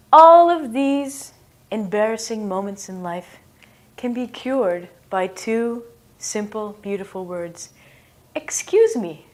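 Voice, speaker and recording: A woman giving a casual English lesson on everyday slang, playful and self-mocking, acting out the noises she explains. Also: mid-range voice. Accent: British or American English. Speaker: English teacher.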